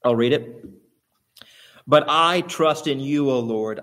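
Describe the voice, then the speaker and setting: A man preaching a sermon, asking his listeners rhetorical questions and building to emphatic, louder peaks. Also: mid-range voice, slow.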